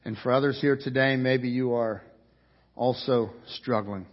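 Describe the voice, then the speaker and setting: A male pastor preaching a sermon in a church, emphatic, swelling louder on key points and repeating phrases for effect. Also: medium pitch, fairly even intonation, unhurried. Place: church sanctuary. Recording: dull audio with long reverb.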